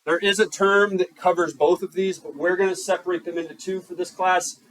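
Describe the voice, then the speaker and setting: A man's voice: high voice, fairly even intonation, fairly quick, a bit bright, rough recording. A male teacher giving a classroom lecture, joking and putting questions to the class. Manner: joking, keeps quizzing the class.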